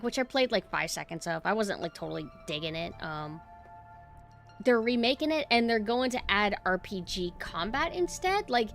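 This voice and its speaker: A woman streamer talks casually with her viewers in a dry, flat monotone. Her voice has a gravelly fry running through it. Faint music plays underneath. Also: fairly high pitch. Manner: dry, deadpan monotone delivery.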